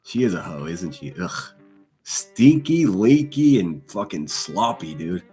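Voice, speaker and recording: A man's voice: deep voice, very animated, a little slow, dark tone, breathy edge, soft background music. A man hosting a livestream, reading chat and mocking people with crude insults and laughter. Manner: insulting, sneering, laughs at own jokes. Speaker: livestream host.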